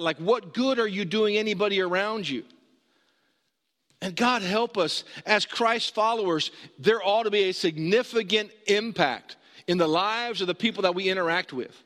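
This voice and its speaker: A man's voice: high-pitched, sharp tone. A man preaching a sermon, conversational and emphatic, putting questions to his listeners. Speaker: pastor. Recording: long hall reverb.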